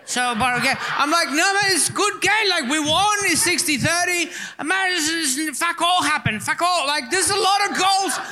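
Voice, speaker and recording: High, bright-voiced man with a Venezuelan accent. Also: moderate pace, few pauses. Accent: Venezuelan Spanish. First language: Spanish. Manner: animated, repeats words, swears. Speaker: comedian guest. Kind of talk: live comedy panel banter. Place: festival stage before an audience. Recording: live stage with long hall reverb.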